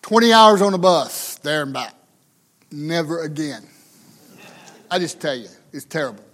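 A man's voice: on the high side, lively intonation, normal speed, fairly bright tone. A pastor from the United States telling a funny story in a sermon. He is folksy and chatty and often tags his lines with questions.

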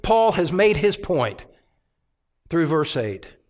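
Male pastor, slightly high-pitched and slow-paced; emphatic sermon delivery with repeated phrases. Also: big pitch swings. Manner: emphatic, swings from hushed to loud, repeats phrases. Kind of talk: expository sermon. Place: church sanctuary.

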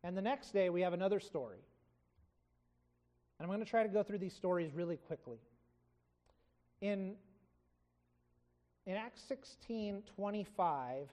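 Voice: mid-range voice, warm tone. A Bible study teacher giving an informal lesson, talking conversationally, correcting themself and retelling scripture in casual everyday paraphrase.

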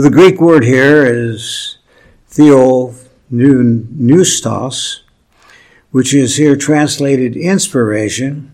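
A man preaching a sermon, slow and deliberate, with emphatic pauses and touches of humor. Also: medium pitch, a little mellow. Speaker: pastor.

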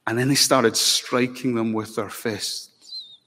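A male preacher delivers an impassioned sermon, his medium-pitched voice lifting to emphatic peaks and dropping into slow, solemn passages. Long reverb from the church hall trails after each phrase. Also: wildly swooping pitch, pushed and bright. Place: church sanctuary.

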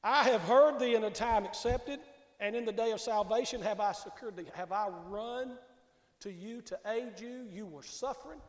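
A man's voice: high voice, moderate pace. A man preaching a folksy, emphatic sermon to his congregation as pastor in a church sanctuary. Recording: echoey hall with long reverb.

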